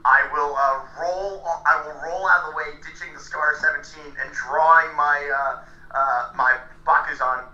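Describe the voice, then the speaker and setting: A man playing a tabletop game, narrating his character's actions with excited declarations. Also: a little high, moderate pace. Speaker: player. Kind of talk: tabletop role-play. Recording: dull, distant, echoey recording.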